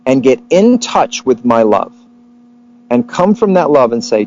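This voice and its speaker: Animated man telling stories, lo-fi sound. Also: mid-range voice, a little slow. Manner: animated storyteller, acts out quotes. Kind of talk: casual chat about relationships.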